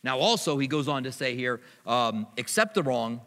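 A man's voice: mid-range voice, expressive, normal speed, fairly bright tone. A middle-aged man preaching a sermon as pastor, in a conversational way with personal stories, in a church hall.

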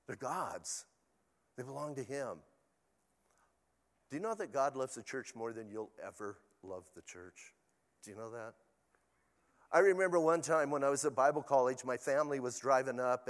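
A man's voice: mid-range voice, in a large hall. An older man, a pastor, preaching a sermon in a chatty, storytelling way with asides to the congregation.

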